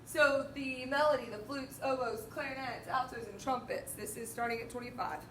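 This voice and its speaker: High-voiced band teacher counting beats aloud. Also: female voice, normal speed. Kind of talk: music lesson walkthrough. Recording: roomy, distant mic, faint noise.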